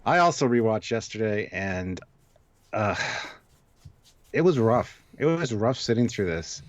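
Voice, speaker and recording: A man co-hosting a live-stream chat in a relaxed, halting way, with plenty of fillers. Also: on the low side, no echo. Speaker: co-host. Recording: dull, dry lo-fi mic.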